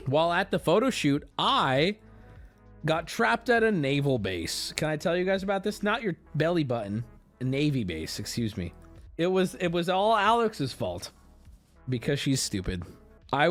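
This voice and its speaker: A man streaming, telling a rambling story to his chat in a casual, animated way and acting out the people in it. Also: high voice, unhurried, faint music behind.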